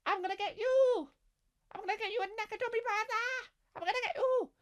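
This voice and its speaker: A man putting on the voice of a small red monster puppet, with shrill, gleeful threats. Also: a little fast, fairly bright tone. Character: squeaky excitable little red monster puppet.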